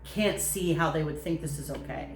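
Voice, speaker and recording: A woman co-hosting a casual talk show, animated and emphatic, quick to laugh. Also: sits low, reverberant, a little hiss or hum. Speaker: co-host. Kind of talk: casual chat. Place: studio.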